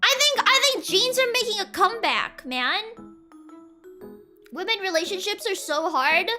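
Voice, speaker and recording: A woman's voice: extremely high pitch, lively intonation, measured pace, bright, forceful tone, soft background music. A young woman streamer chatting casually and reading chat, rambling and laughing, insisting with repeats.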